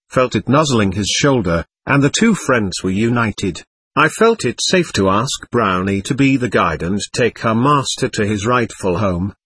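Man reading an audiobook, earnest and steady, lots of pitch movement, dry close sound. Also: husky, dry recording. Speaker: audiobook narrator. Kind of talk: audiobook narration.

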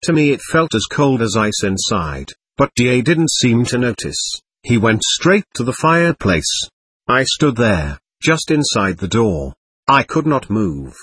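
A man narrating a first-person memoir as an audiobook, in an earnest, measured storytelling manner. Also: mid-range voice, sing-song, fairly bright tone, slightly rough, no room sound.

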